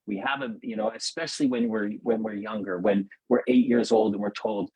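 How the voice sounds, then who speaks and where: A man in a podcast conversation, speaking earnestly and from the heart, with halting restarts. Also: on the low side, fairly even intonation, darkish tone, breathy edge, dry recording, poor audio.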